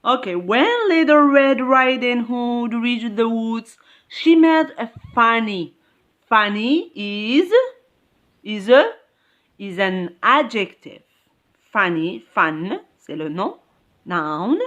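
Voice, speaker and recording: A woman teaching an English grammar lesson, explaining slowly and repeating key points with emphasis. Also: a little high, expressive, a bit bright, lo-fi sound. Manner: slow, repetitive, emphatic explaining.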